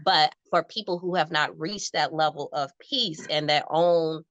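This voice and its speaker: Earnest woman with a low voice. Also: a little slow, a bit bright, no room sound. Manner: earnest, thoughtful, self-reflective. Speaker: podcast co-host. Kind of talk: reflective casual conversation.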